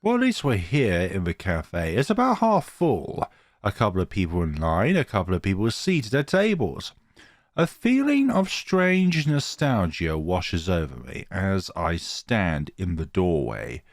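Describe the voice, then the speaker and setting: Playful guy reading a game out loud, trips over words and fixes them, bouncy delivery, dry sound. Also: mid-range voice, no echo. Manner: playful, stumbles over words and corrects himself. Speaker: let's player. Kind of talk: reading a visual novel aloud.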